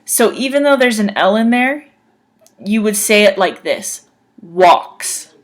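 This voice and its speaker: A woman's voice: medium pitch, expressive, normal speed. A woman teaching an English grammar lesson, carefully sounding out words letter by letter and repeating examples.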